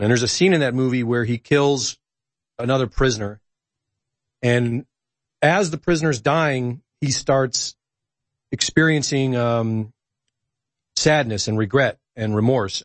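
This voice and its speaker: A man in a casual podcast conversation who tells stories with animation and pauses on ums and uhs. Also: mid-range voice, no room sound. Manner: animated storyteller, hesitant fillers. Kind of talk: casual political chat.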